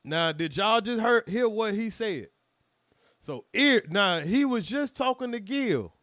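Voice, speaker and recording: A man's voice: high voice, expressive, unhurried, fairly bright tone, no room sound, studio quality. A man hosting a reaction channel, talking heatedly to his live chat with lots of swearing and rhetorical questions. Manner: heated, profane, rhetorical questions, calls out chatters. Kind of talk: commentary monologue to a live chat.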